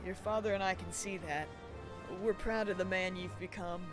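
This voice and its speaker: A woman voicing a gentle older noble mother who speaks tenderly, with game music behind. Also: mid-range voice, fairly even intonation, moderate pace, lightly acted.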